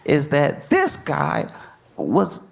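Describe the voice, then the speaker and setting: A man performing a stand-up comedy set, animated and laughing through his lines as he slips into quoted voices. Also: on the high side, drawn-out words, vocal fry.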